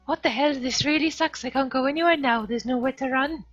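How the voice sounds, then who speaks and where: A woman voicing a paranoid, reclusive teenage boy who rants in loud, panicky outbursts. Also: sits high, normal speed, husky, voice pushed up. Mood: frantic. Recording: dull lo-fi stream audio, faint music.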